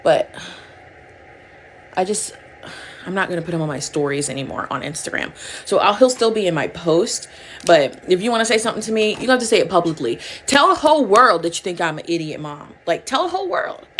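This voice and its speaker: Woman, mom and creator, low-pitched, chatty rambling vlog delivery, faint background hum. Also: very animated, fairly quick, fairly bright tone. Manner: candid, rambling, peppered with "like". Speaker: social media creator and mother. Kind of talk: casual get-ready-with-me chat to camera. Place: at home getting ready.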